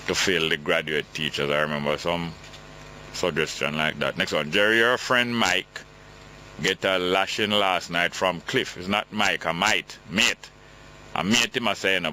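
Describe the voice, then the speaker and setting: A man's voice: sits low, bright, forceful tone, a little hiss or hum, low-quality recording. A man with a Jamaican accent hosting a call-in radio talk show, reading listener texts and commenting in patois.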